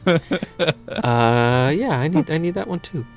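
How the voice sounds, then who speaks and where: A man's voice: on the high side, animated, slow pace, faint music behind. A man co-hosting a podcast, chatting casually and joking while playing a board game. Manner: joking, laughing, slips into goofy accents. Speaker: podcast co-host.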